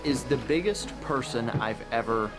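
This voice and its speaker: A man's voice: mid-range voice, lively intonation, moderate pace, over loud music. Candid man reacting to his own footage. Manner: candid, self-deprecating, conversational. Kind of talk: casual reaction commentary.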